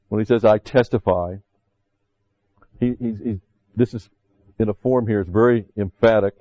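A man's voice: fairly low pitch, warm tone, no room sound, muffled recording. A man preaching a sermon as pastor, talking conversationally with frequent "see" asides and rising emphatically when he quotes scripture.

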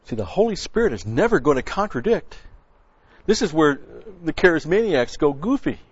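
Male preacher, folksy blunt sermon, medium pitch, dry slightly dull recording. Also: very animated, moderate pace, long pauses, breathy edge, dry recording. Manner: folksy, blunt, with frequent restarts and scripture quotes. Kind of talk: conversational sermon.

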